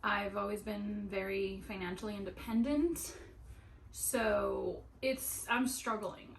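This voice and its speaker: A woman's voice: mid-range voice, slow pace, vocal fry, a little hiss or hum, rough recording. Chatty young woman telling a story. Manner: animated storytelling, full of "like" fillers. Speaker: sewing vlogger. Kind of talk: casual chat while sewing. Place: at home at a sewing table.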